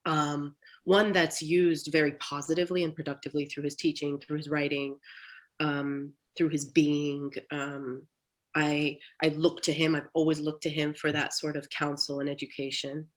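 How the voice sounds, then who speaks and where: A woman speaking candidly as a therapy client, talking in a halting, reflective way with many restarts, over a video call. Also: sits low, little pitch movement, low-quality recording. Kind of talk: candid personal talk.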